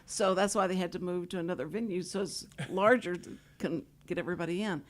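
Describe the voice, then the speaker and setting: A woman's voice: lowish voice, fast talker. Chatty, laughing Texan woman host. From Houston, Texas. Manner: rambling, chatty, laughing often. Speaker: talk show host. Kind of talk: casual chat. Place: radio studio.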